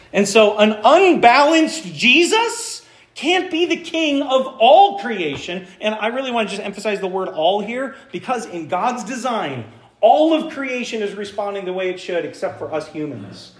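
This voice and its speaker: A man preaching a sermon as pastor in a church, engaging and quizzing his congregation with questions. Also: high voice. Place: church sanctuary. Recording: echoey room.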